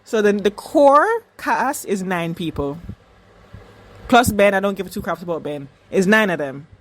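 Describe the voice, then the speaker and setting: A woman's voice: medium pitch, expressive, unhurried. A woman reviewing a TV episode in a casual reaction video, talking back at the screen emphatically, repeating herself and cursing freely. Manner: emphatic and repetitive, swears freely. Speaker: reaction vlogger.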